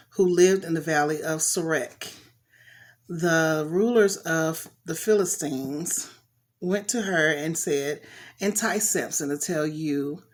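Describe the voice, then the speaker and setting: A woman reading a Bible story aloud in a casual way, stopping to comment on it in slangy asides. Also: sits low. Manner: chatty, talks back to the story with slang asides.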